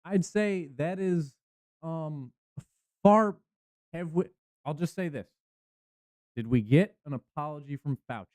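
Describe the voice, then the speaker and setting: Male podcast host, high and mellow, smooth tone, halting delivery with restarts. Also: no room sound. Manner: halting, restarts, acts out quotes. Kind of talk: casual chat.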